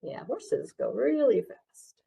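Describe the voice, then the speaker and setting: A woman librarian reading a picture book aloud to children, pausing often to ask them questions. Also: fairly high pitch, sing-song, vocal fry, dark tone, rough recording. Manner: interactive, asks children questions.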